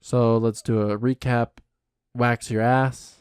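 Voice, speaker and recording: A man's voice: medium pitch, flat delivery, slow, darkish tone, clean tone, dry recording. Joking male podcast co-host, dry sound. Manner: joking, playful, riffing. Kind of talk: casual comedic chat.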